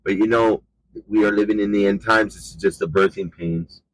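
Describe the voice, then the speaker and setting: A man's voice: lowish voice, steady tone, moderate pace, no room sound, rough recording. A man preaching an informal sermon in an emphatic, conversational way, often saying "you know".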